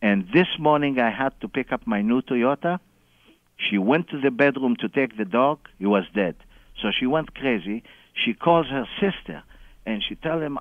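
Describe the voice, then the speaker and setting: A man's voice: medium pitch, animated, normal speed, no echo. A man calling in to a radio show, telling a long story with lots of chuckles and acting out the people he quotes. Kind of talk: animated phone-in storytelling. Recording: dull phone-line call on radio.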